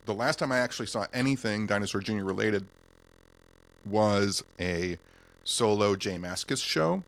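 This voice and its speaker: Laid-back male guest from Michigan, lowish chest voice, rambling storyteller. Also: normal speed, creaky. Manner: relaxed, rambling, keeps his voice in his chest. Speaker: podcast guest. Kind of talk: casual interview chat.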